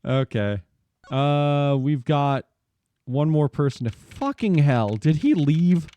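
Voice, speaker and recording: A man's voice: on the high side, sing-song, takes it slowly, mellow, no echo, faint music behind. A man casually chatting and swearing while streaming a video game. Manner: laid-back, swears often. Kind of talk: casual gaming chat.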